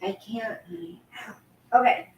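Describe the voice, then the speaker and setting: A woman's voice: medium pitch, a little slow, highs cut off. A woman hosting a casual livestream from home at night, chatty and apologetic, cooing at her pet in between. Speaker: livestream host.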